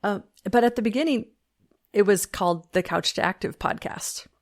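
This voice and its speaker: A woman's voice: mid-range voice, moderate pace. A woman hosting her own fitness podcast, telling a story in an upbeat, chatty way with frequent fillers. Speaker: podcast host. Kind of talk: casual solo podcast talk.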